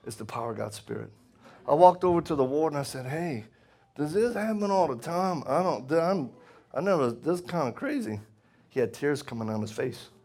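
This middle-aged preacher's voice is a little high, expressive and breathy-edged as he moves briskly through a testimony sermon for a live crowd. Frequent laughter punctuates his shifts from booming outbursts to quiet moments.

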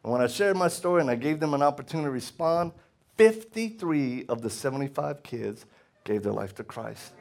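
Animated middle-aged male preacher. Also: a little high, moderate pace, gravelly. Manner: loud, laughing, swings from shouting to hushed. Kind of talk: animated testimony sermon.

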